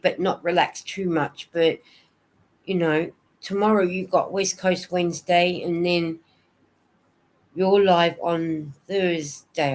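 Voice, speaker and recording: A woman hosting a casual livestream, chatting and answering viewer comments. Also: lowish voice. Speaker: knitting vlogger hosting a livestream.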